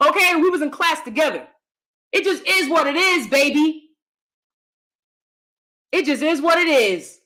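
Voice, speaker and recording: Animated high bright-voiced woman host. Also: moderate pace, long pauses. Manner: animated, laughs often, swings loud and soft. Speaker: channel host. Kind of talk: casual live-stream chat.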